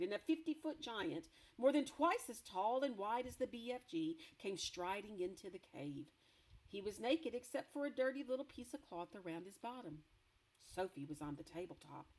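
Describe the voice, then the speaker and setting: A woman teacher reading a children's chapter book aloud to her class. Her voice swoops up and down with expression, and her storytelling is animated and engaging. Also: medium pitch, poor audio.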